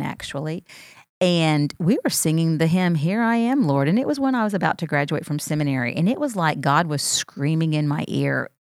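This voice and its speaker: Woman, pastor, lowish voice, heartfelt storyteller, casual podcast talk, dry close sound. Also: no echo. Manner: heartfelt storytelling, grows animated when moved.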